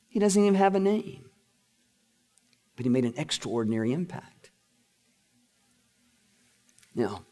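A middle-aged male preacher telling a Bible story in an animated, lively way during a sermon. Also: mid-range voice. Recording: echoey hall.

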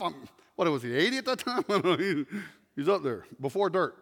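A man with a very high, bright, forceful voice preaches a story-driven sermon. He swings between loud shouting and hushed, near-whispered passages. His voice rings through a large hall with a long reverb. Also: very animated, moderate pace.

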